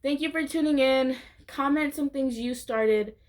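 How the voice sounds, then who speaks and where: A woman YouTuber chatting casually to camera in a vlog, rambling from thought to thought with a steady stream of "like" fillers. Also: high voice, measured pace. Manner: rambling, heavy use of "like" fillers.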